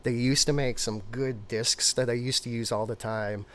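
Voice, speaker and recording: A man co-hosting a casual brewing podcast, talking in an animated, rambling way full of restarts. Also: medium pitch, normal speed. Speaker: podcast co-host, brewer. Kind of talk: casual chat.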